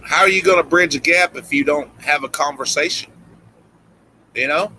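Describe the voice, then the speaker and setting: Chatty Tennessee man, very bright voice. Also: a little high, normal speed, slight background noise, rough recording. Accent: Southern US, Tennessee. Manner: rambling, frequent "you know" fillers and restarts. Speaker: livestream host. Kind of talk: casual live-stream chat.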